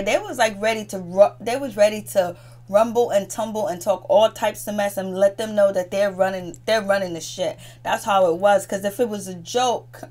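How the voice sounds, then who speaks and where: A woman giving a casual, gossipy recap of a reality TV episode, talking in a chatty way with frequent restarts. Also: medium pitch. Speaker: TV recap host.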